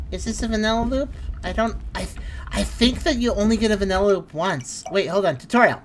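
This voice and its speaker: A woman's voice: medium pitch, a little fast, slight background noise. A woman giving casual let's-play commentary, exclaiming and thinking aloud as she plays. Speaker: gameplay commentator.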